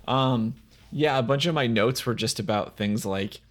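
A man's voice: medium pitch, a little slow, slight background noise. A young man co-hosting a casual movie chat, blunt and jokey, swearing freely. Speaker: podcast co-host reviewing a movie.

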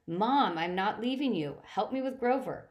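A woman's voice: medium pitch, animated, moderate pace, pitched above the performer's own voice, lightly acted. A woman voicing an urgent teenage boy hero. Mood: pleading.

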